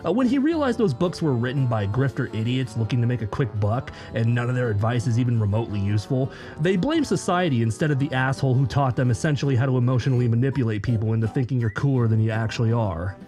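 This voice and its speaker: A man's voice: mid-range voice, animated, quick pace, hardly any pauses, warm tone, soft background music. A man hosting a reaction commentary, dry and sarcastic. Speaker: commentary host.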